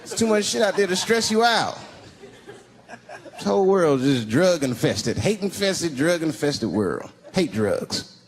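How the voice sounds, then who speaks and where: A male stand-up comedian telling stories, swearing freely and dropping into low murmured asides. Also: very animated, unhurried, big-room sound. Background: crowd laughter.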